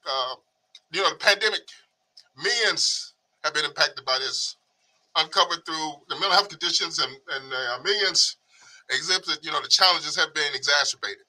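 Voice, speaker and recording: A man hosting a livestream, emotional and halting with fillers. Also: on the high side, sharp tone, rough recording. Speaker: host, state director.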